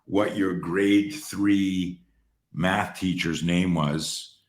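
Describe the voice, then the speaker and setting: A man hosting and coaching on a call, telling stories in a lively, profane way and acting out the dialogue. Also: low-pitched, drawn-out words, roomy sound. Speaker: host and coach. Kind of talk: conversational storytelling on a call. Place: room on an online call.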